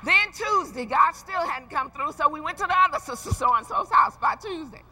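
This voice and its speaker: A woman in her forties preaching a sermon as a lively, emphatic, folksy storyteller. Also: sits high, normal speed, soft background music, low-quality recording. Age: 40s. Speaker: preacher, pastor's wife.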